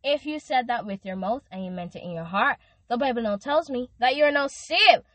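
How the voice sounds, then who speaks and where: A woman's voice: on the high side, animated, a little fast, a bit bright, dry recording. Young woman, heartfelt Christian podcast host who leads prayers, close dry sound. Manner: earnest, emotional, leads prayers and chants. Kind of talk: devotional podcast talk with prayer.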